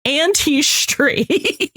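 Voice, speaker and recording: A woman's voice: high voice, drawn-out words, a bit bright, no echo, studio quality. A woman co-hosting a casual podcast chat, animatedly recapping a TV episode, acting out characters' lines and swearing freely. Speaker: podcast co-host.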